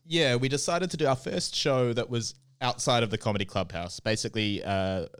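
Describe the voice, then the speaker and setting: A man's voice: medium pitch, brisk, clean tone. Dry, easygoing podcast co-host, male. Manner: relaxed, dry storyteller. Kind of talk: casual podcast chat.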